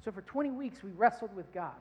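A man's voice: high-pitched, expressive, quick pace, a little mellow, husky. Earnest male pastor preaching in a hall. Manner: earnest, emotional storytelling with many restarts. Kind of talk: sermon. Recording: dull sound in a hall with long reverb.

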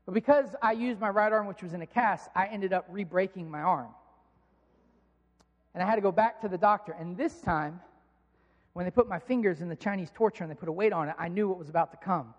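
High-voiced middle-aged man preaching. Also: fairly quick, long reverb tail, dull audio. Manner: conversational, earnest, with casual fillers. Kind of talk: sermon with personal storytelling.

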